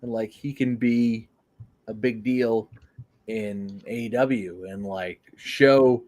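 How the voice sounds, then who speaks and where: A man co-hosting a casual wrestling podcast, talking in an excitable, rambling way and swearing freely. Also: fairly low pitch, takes it slowly. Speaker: podcast co-host.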